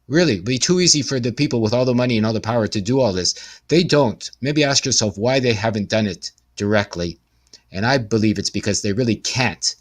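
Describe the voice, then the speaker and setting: A man's voice: medium pitch, fairly quick. A man interviewing a guest, talking in a rambling, emphatic way with many asides. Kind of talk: casual conversational talk.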